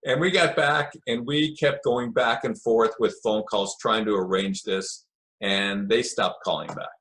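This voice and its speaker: A man's voice: fairly low pitch, measured pace, fairly bright tone. An older man, a podcast guest, telling long anecdotes in a casual interview and acting out what others said. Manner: rambling anecdotes with acted quotes.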